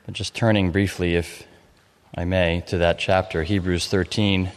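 A man preaching an expository sermon, explaining scripture in a measured way and reading verses aloud. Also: low voice, flat delivery. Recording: long hall reverb.

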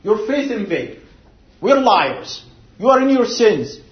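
A man preaching a sermon, slow and deliberate, telling a story and then pressing his point with emphatic swells. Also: sits high, big pitch swings, echoey room, lo-fi sound.

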